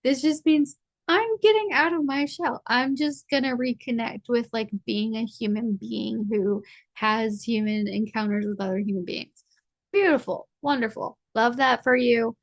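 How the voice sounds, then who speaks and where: A woman's voice: mid-range voice, dry recording. A woman giving a casual collective tarot reading, chatty and rambling, with a playful streak. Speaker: tarot reader.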